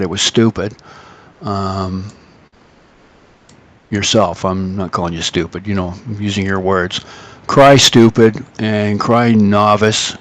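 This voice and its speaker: A man hosting a live trading stream and telling a story in a loose, casual way. He acts out the people he quotes with sudden jumps in pitch. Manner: animated, acts out quoted voices.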